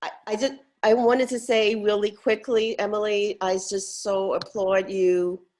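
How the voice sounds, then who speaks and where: Slow, effusive woman on a call. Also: medium pitch, flat delivery, a little mellow. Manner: effusive, halting, heartfelt. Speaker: call participant. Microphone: video call.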